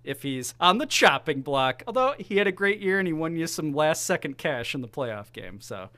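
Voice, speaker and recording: A man co-hosting a casual sports podcast, excitable and jokey, often breaking into laughter. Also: fairly high pitch, moderate pace. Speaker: podcast co-host.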